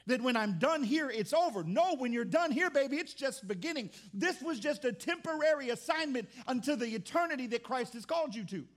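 High-voiced preaching man, drawl. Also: lively intonation, a little fast, few pauses. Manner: conversational preaching with repeated restarts; acts out churchgoers' complaints in mock voices. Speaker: pastor. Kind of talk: sermon.

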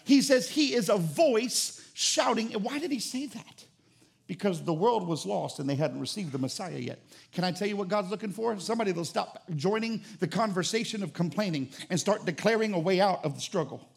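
High-voiced preacher with a forceful delivery. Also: male voice, lively intonation, a little fast, vocal fry, breathy edge. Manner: emphatic, full of rhetorical questions; rising to shouted declarations. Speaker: pastor. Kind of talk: sermon.

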